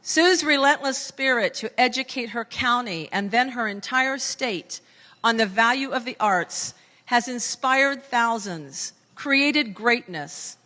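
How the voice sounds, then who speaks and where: A woman's voice: on the high side, lively intonation, slow, pushed and bright. A woman reading a formal tribute to an award winner, stressing each point of a long list for effect. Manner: emphatic, builds lists for effect. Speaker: award presenter. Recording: long hall reverb.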